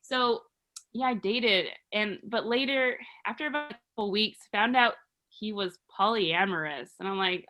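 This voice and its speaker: A woman's voice: mid-range voice, moderate pace, bright, forceful tone. A woman in her thirties from Arizona doing a rambling, self-deprecating stand-up comedy set. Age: 30s.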